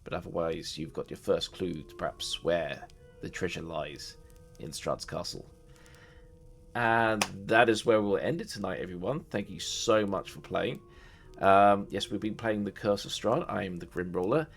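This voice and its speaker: A man's voice: deep voice, normal speed, creaky, soft background music. A man narrating a tabletop game as dungeon master, casual and rambling. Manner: rambling, many fillers and restarts.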